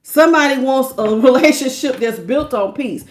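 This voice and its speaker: A woman's voice: high-pitched, moderate pace, hardly any pauses. A woman giving a live tarot reading, talking casually to her viewers, laughing often and calling them baby. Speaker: tarot reader.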